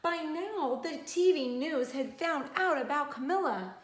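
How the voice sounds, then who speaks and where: A woman's voice: sits high, lively intonation, unhurried, echoey room. A woman who teaches first grade, reading a picture book aloud expressively and stopping to explain words to children.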